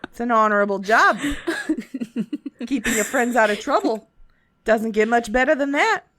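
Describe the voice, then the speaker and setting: A cagey, friendly handyman drawls in a put-on Southern voice, as a woman plays him. He stumbles over his words in a folksy, roundabout way. The sound is close and dry, with a fairly high voice underneath. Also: animated, measured pace, fairly bright tone, no echo. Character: shady folksy male handyman tinkerer, friendly but cagey.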